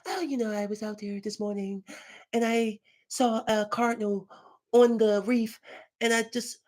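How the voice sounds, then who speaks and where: A man doing an impression of a soft-spoken male pop star in a breathy, whispery falsetto with a dainty, gentle manner. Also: steady tone, a little slow.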